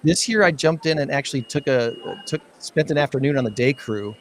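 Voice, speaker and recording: A man's voice: fairly high pitch, brisk, slight background noise. Rambling man hosting a podcast. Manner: rambling, stumbles and repeats words. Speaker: podcast host. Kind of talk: casual podcast interview.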